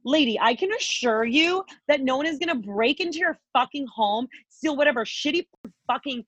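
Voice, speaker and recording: A woman's voice: high voice, lively intonation, normal speed, fairly bright tone, dry recording, highs cut off. Profane ranting woman, dry sound. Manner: heated, profane, ranting with many likes. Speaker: podcast co-host. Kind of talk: angry political rant.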